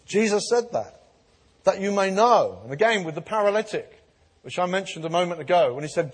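A man preaches a sermon in a large hall, his slightly high voice husky and breathy. He tells stories with mounting emphasis, and the long reverb of the room hangs after his words. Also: normal speed, long pauses. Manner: storytelling, growing animated and emphatic.

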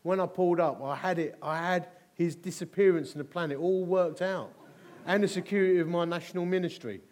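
A middle-aged man from England preaches in a high voice at a fairly quick clip. He tells stories with humour and lively energy, repeating key words emphatically throughout the sermon.

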